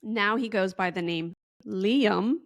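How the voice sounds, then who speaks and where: A woman's voice: mid-range voice, slow, dry recording, studio quality. A woman guest in a casual podcast interview, telling a long story in a chatty, rambling way and acting out the dialogue.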